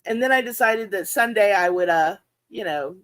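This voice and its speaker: A woman, hosting her aquarium vlog and chatting casually, laughing often and jumping into high-pitched reenactments of her own reactions. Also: animated, normal speed. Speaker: aquarium channel host. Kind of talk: casual chat to livestream viewers.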